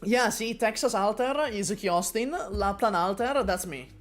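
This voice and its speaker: A woman's voice: mid-range voice, a little slow, soft background music. A woman from Italy with an Italian accent, chatting casually and jokingly with her stream viewers. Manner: animated, joking, talks straight to chat.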